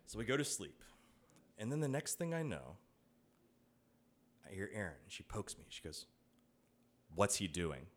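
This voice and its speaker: A man's voice: fairly low pitch, moderate pace, long pauses. A man telling a personal anecdote to an audience, acting out the voices of the people in his story. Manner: animated storytelling, acts out quoted voices.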